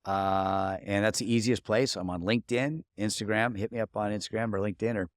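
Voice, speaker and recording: A middle-aged marketing coach, guesting on a podcast, talks briskly in a steady, lowish voice. His personal stories come across as sincere and casual, with many restarts, in an easygoing interview. The recording is clean studio sound with no room ambience.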